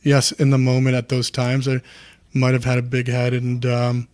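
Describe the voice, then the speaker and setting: A man's voice: mid-range voice, completely flat delivery, moderate pace, darkish tone, clear, resonant tone. A man in his thirties, a former wrestler, talking candidly as a podcast guest in a rambling, earnest way full of restarts. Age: 30s.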